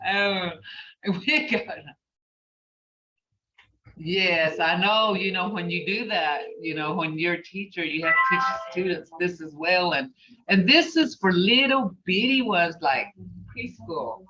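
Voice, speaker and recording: An older woman with a voice on the low side, pushed and bright, takes an unhurried pace through a casual online language class. Rambling a little, she often checks "okay?" to be sure her students follow along. The recording comes across as distant, echoey, dull lo-fi audio.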